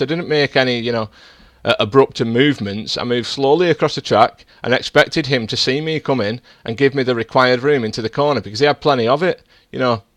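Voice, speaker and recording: A man's voice: mid-range voice, a bit bright, dry recording, clean studio sound. A man streaming a sim race, arguing defensively and lecturing rivals over voice chat. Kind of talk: heated in-game voice chat argument.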